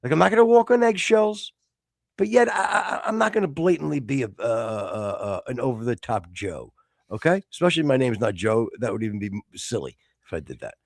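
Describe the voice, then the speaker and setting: A middle-aged American man hosts a casual live-stream chat, rambling and restarting his sentences, now and then flaring into mock-exasperated rants. His voice has a gravelly edge and swings widely in pitch. The recording is close and dry. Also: expressive, a little fast, dry recording. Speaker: podcast host.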